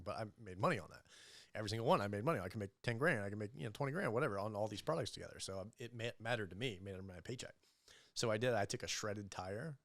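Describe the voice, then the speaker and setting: A young man telling animated, profane sales stories as a guest in a casual podcast interview, acting out the people he quotes. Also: fairly low pitch, no echo, clean studio sound. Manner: animated, profane storyteller who acts out quoted voices. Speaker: entrepreneur guest.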